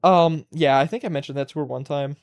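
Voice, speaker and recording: A man's voice: a little high, a little fast, clean tone, dry recording. A man in his twenties hosting a solo livestream, ranting casually and with plenty of profanity. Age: 20s. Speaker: livestream host.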